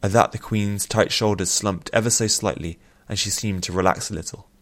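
A man narrating a fantasy audiobook with measured, steady storytelling. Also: fairly low pitch.

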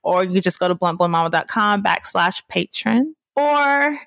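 A woman's voice: mid-range voice, animated, normal speed, gravelly, fairly bright tone, dry recording, clean studio sound. A woman hosting her own podcast, chatting casually in a rambling, giggly, laid-back way, sniffling now and then. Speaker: podcast host. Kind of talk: casual chat.

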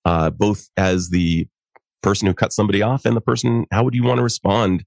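A middle-aged man, a psychologist and coach, explaining things in an animated way and laughing often during a conversation. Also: on the low side, brisk, gravelly, no room sound, clean studio sound. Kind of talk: conversational podcast interview.

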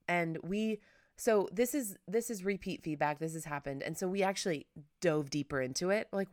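A woman's voice: on the low side, animated, normal speed, no room sound, clean studio sound. A woman hosting a casual solo podcast, chatty and rambling, self-deprecating, with lots of filler words. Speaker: podcast host.

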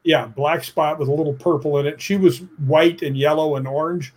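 A middle-aged man recounts a tale with lively energy, tossing in "right?" as he goes. His voice sits a little high and sounds husky and rough-edged. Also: moderate pace. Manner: animated storyteller, tags lines with "right?". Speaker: stuntman and actor, guest. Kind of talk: casual storytelling interview.

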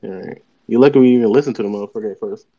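A man's voice: lowish voice, racing, mellow, husky. A man, co-hosting a podcast in laid-back casual chat and agreeing easily. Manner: laid-back, agreeable, often laughing along. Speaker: podcast co-host and editor. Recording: dull lo-fi sound.

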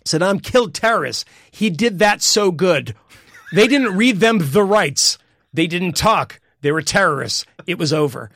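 Brief: man doing a mock impression of a loud, boastful male politician, dumb-guy delivery, pitched up high, close dry sound. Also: lively intonation, measured pace, gravelly, dry recording, exaggerated voice. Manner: blunt, boastful, simple sentences.

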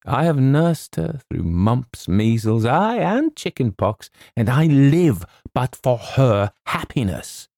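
A man voicing a stern, menacing old male colonel who speaks in a quiet, grave way. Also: medium pitch, very animated, slow, gravelly, hardly any pauses, no echo, clean studio sound, pitched above the performer's own voice, full character voice.

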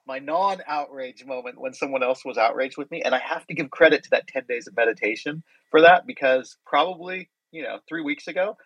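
A man hosting a casual online group chat, relaxed and self-deprecating, with frequent chuckles. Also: medium pitch, husky, no room sound, low-quality recording. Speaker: host.

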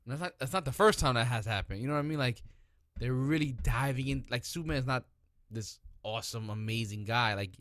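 An animated man co-hosting a casual podcast chat, swearing freely and acting out characters. His voice sits at a middle pitch. The close mic sounds dry. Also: fairly quick, dry recording. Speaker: podcast co-host. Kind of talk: casual chat about TV shows.

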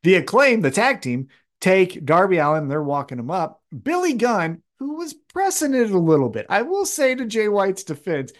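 A man's voice: high voice, big pitch swings, normal speed. A man co-hosting a casual wrestling podcast, talking animatedly with plenty of swearing and acting out quotes in raised voices. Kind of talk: casual chat.

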